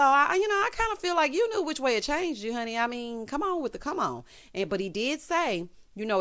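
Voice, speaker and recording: This reality show recap comes from a woman in her thirties with a mid-range voice, delivered sassily and with plenty of animation. She tosses "honey" and "child" in as she goes.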